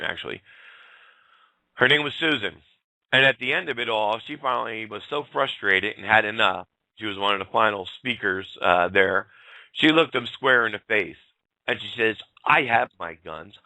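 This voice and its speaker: A man with a gravelly voice hosts a talk show, blunt and fired up as he talks straight at his listeners. His voice is sharp and forceful, and the recording is very dry. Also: low-pitched, no room sound. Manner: blunt, fired-up, swears and addresses folks directly. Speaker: radio show host. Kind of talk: casual talk radio rant.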